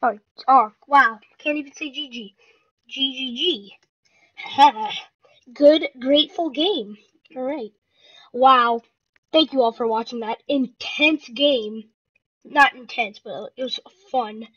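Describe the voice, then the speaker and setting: High-pitched excitable gamer narrating their match, dull lo-fi mic. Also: slow, long pauses, dry recording. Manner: excitable, talks to self while playing. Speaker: gaming channel host. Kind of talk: live gameplay commentary.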